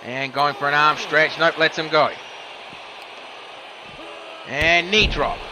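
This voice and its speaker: A man giving quick move-by-move wrestling commentary, with casual asides. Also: fairly high pitch, steady tone, noisy background. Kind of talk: play-by-play commentary.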